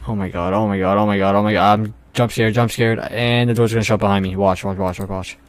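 A man's voice: fairly low pitch, fairly even intonation, fast, noisy background. A young man playing a horror game, jumpy and nervous, swearing often and laughing at his own scares. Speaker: gamer.

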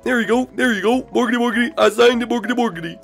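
A woman's voice: a little high, very fast, gravelly, faint music behind, pitched above the performer's own voice. Woman doing a goofy sing-song TV chef. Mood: cheery. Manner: sing-song, repeats a nonsense catchphrase. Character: goofy male TV chef, babbling nonsense catchphrase.

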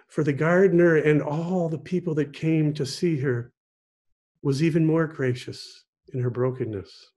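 Slow-paced man telling a sermon story. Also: fairly high pitch. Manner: slow, gentle storytelling with pauses. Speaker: pastor.

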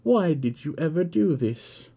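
A man reading a classic novel aloud, voicing an anguished young blind woman in a high, raised voice. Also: sing-song, measured pace, slightly rough, heavily acted. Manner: high, loud, cries out.

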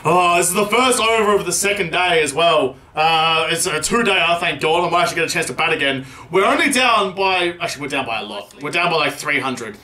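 Young man, gaming host, high bright voice, excitable and foul-mouthed, roomy echo. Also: brisk, few pauses. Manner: excitable, swears a lot, shouts at big moments. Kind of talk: live gameplay commentary.

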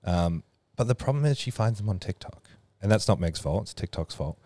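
A man with a fairly low voice swaps travel stories on a casual podcast, blunt and wry in his humour. His voice sits dry and close to the mic. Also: expressive, fairly quick, warm tone, no echo. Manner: storytelling, wry and blunt, mimics voices for laughs. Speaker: podcast co-host. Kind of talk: casual chat.

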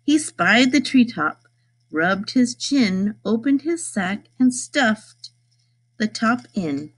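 A woman reading a rhyming picture book aloud, in a lively sing-song way. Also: a little high, takes it slowly. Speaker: storybook reader.

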